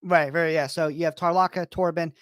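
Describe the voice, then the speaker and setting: A man co-hosting a casual show-review stream, laid-back and quick to laugh. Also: fairly high pitch, fairly even intonation, fairly bright tone, no room sound, studio quality. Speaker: podcast co-host.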